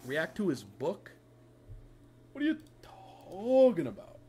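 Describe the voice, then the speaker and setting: A man's voice: high-pitched, slow, breathy edge. A young man streaming live, chatting casually and profanely with his viewers. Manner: profane, animated, talks to chat.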